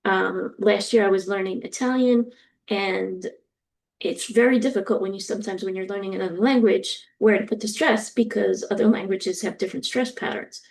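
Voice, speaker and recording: A woman lecturer explaining a topic step by step, often pausing with ums and acting out example sentences. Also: medium pitch, steady tone, gravelly, darkish tone. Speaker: university lecturer. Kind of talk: recorded lecture.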